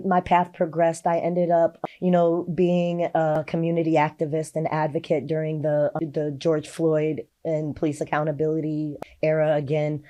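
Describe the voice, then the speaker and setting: A middle-aged woman from Texas, a state representative, shares her personal story in an interview, earnest and heartfelt. Her voice is low-pitched and mellow, and she uses "you know" often as a filler.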